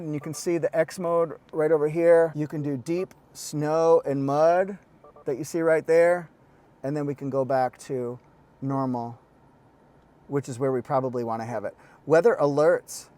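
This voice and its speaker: Male car reviewer, casual and quirky, fairly high voice, lapel mic inside a car. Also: darkish tone. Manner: chatty, quirky, jokey asides. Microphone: lapel mic pack.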